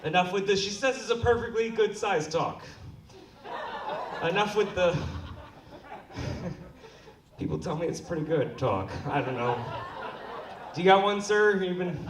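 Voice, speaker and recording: A man's voice: sits high, animated, unhurried, pauses often, background noise. A young man from Seattle performing a crude, self-deprecating stand-up set and playfully bossing the crowd into clapping. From Seattle, USA. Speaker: stand-up comedian. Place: comedy club stage. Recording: echoey club audio from far off.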